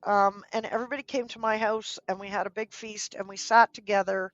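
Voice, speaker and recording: A woman guest in a podcast interview, speaking earnestly and gently giving advice, now and then acting out what people might say. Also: medium pitch, fairly even intonation, a little fast, no room sound, muffled recording. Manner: earnest, gently advising, acts out quoted speech. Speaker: guest, dog trainer.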